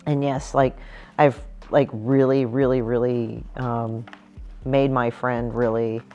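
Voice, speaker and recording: Woman, comic artist, casual chat, profane, acts out quotes, deep low voice. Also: flat delivery, takes it slowly, dark tone, muffled recording, faint music behind. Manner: blunt, profane storytelling. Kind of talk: casual chat showing her book.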